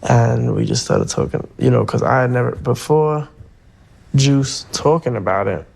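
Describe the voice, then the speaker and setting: A man's voice: medium pitch, expressive, unhurried, vocal fry, a little mellow, slightly rough. A man speaking casually in an interview, telling a story in loose slang. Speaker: interview guest.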